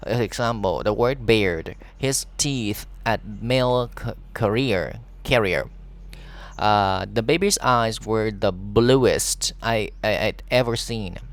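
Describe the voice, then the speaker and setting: A man with a Vietnamese accent, a teacher reading an English lesson aloud, pausing often on fillers and restarts. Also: lowish voice.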